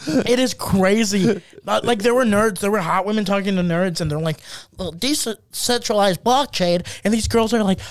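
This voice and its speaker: A man's voice: sits high, fairly quick, no room sound, studio quality. A young man co-hosting a podcast, telling stories in a casual chat and acting out the people he quotes. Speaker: podcast co-host.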